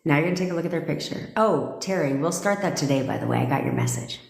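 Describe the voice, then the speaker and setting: Low-voiced bossy woman coaching live. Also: animated, fast talker, gravelly, a little mellow. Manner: bossy, blunt and profane, with frequent "okay?". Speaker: manifestation coach hosting a live stream. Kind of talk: live stream coaching, talking to viewers. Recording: roomy echo.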